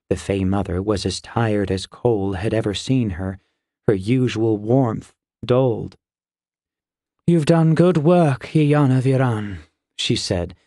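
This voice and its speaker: A man narrating a fantasy audiobook in a measured, even storytelling voice, recorded close in a quiet booth. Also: fairly low pitch, no room sound.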